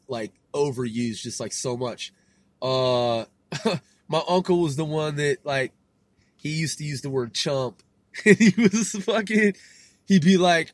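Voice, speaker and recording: Rambling through his solo podcast in loose, profane slang, a thirtysomething man chuckles at himself while reading things aloud. His voice is mid-range and his pace measured, recorded without echo.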